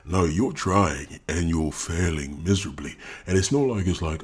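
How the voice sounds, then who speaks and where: A man's voice: low voice, moderate pace, breathy edge. A man giving profane, mocking reaction commentary on a video clip, ranting at length.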